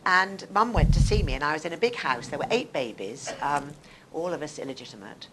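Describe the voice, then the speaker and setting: A woman in her sixties with a posh English accent, an actress telling her life story in a lively, theatrical way. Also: deep voice, fairly quick, heavy background noise. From England. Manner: animated, theatrical, acts out other people's voices. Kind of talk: conversational storytelling on stage.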